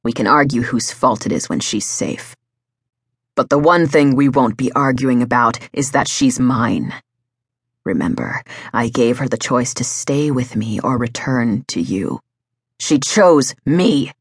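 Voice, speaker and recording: A woman's voice: extremely low pitch, lively intonation, unhurried, breathy edge, dry recording, clean studio sound, voice pushed down, exaggerated voice. A woman voicing a commanding werewolf alpha man. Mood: cold, commanding. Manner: cold, commanding and unyielding. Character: brooding male werewolf alpha, commanding, possessive.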